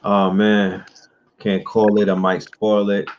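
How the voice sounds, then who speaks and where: Male show host, low voice, very slow and emphatic; muffled audio with faint noise. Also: monotone, darkish tone. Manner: slow, drawn-out, emphatic delivery. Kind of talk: livestream talk show.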